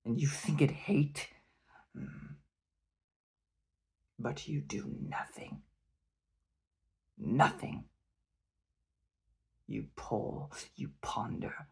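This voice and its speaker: A man reading aloud and voicing a proud, scornful barbarian warrior king who booms and sneers. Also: extremely slow, creaky, long pauses, husky, full character voice. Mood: sneering. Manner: booming, sneering, emphatic. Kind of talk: dramatic reading of a novel.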